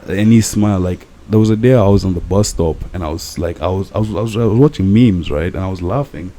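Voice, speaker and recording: A man's voice: low-pitched, fast, mellow. A young man rambling earnestly in casual chat, a bit drunk and repeating himself. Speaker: podcast co-host. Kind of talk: casual late-night chat.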